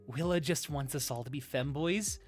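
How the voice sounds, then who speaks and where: A man streaming live, chatting in a soft, breathy, put-on high "femboy" voice close to the mic, giggling and reading chat aloud. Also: normal speed, soft background music.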